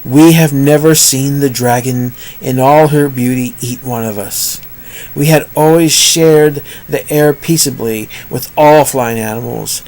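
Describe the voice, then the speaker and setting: A man's voice: mid-range voice, measured pace, a little mellow, natural voice, poor audio. A man doing a grave old pig elder. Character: wise old male pig elder, solemn.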